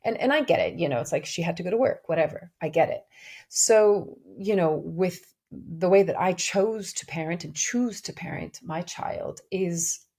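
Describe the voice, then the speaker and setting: A woman's voice: lowish voice, normal speed, vocal fry, mellow, breathy edge. A woman hosting a reflective spiritual podcast, speaking earnestly and searching for words with frequent restarts. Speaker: podcast host.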